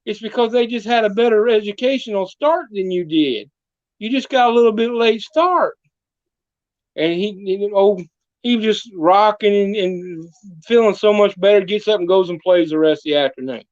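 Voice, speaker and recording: A man's voice: sits high, normal speed, a little mellow, muffled recording. A man telling a comedic folksy story as a guest, drawling and full of country sayings.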